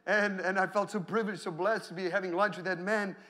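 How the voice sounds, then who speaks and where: A middle-aged man with an Australian accent, preaching a sermon in an animated storytelling way, laughing and shouting hallelujahs. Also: high voice, fast. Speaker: pastor.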